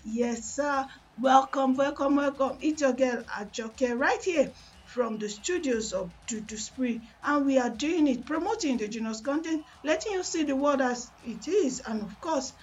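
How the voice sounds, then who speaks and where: A woman's voice: high voice, measured pace. A woman with a Nigerian Pidgin accent hosting a live radio sports show, switching between Pidgin, English and Yoruba and hyping her listeners. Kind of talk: lively radio show banter. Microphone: studio mic.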